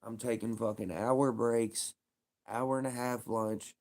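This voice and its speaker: Laid-back guy ranting on his stream, cursing a lot, middle-pitched voice, talks loose and blunt. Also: fairly even intonation, slow pace, darkish tone. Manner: blunt, profane, laid-back street talk. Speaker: livestreamer. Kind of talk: casual storytelling on a livestream.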